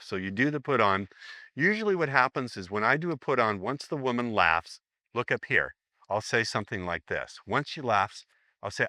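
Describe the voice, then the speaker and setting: A man leads a live seminar, rambling and joking as he acts out sample lines. His voice sits a little low but sounds bright and sharp. The recording is dry and close. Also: no room sound. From United States. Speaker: seminar teacher.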